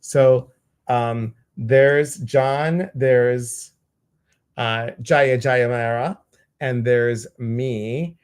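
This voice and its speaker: A man's voice: mid-range voice, fairly even intonation, very slow, smooth. A man hosting a casual live-stream chat, effusive and rambling, full of fillers. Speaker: host.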